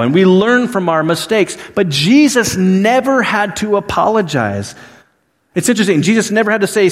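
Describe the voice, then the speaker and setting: Pastor guy preaching, kinda high voice, big echoey church hall, chatty storytelling. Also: moderate pace. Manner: conversational storytelling, swinging between lively and hushed. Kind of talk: sermon. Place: church sanctuary. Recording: long reverb of a large hall.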